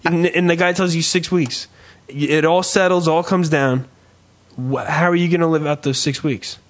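A man hosting a podcast in casual chat, rambling and swearing freely while riffing with dark humor. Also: fairly high pitch, steady tone, moderate pace. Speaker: podcast host.

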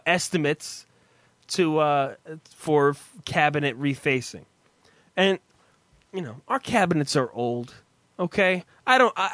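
A man casually telling a profane, animated story on a podcast. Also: a little high, no echo. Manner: profane, animated, self-mocking.

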